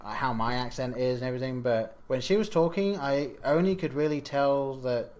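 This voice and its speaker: Male podcast co-host, medium voice, halting casual delivery. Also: mid-range voice, a little mellow. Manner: hesitant, restarts often, chuckles. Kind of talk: casual film review chat.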